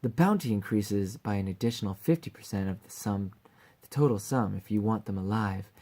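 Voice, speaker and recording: Woman voicing a cool, soft-spoken bounty hunter. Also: a bass voice, a little fast. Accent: alien. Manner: cool, professional, businesslike. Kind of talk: voice acting audition read.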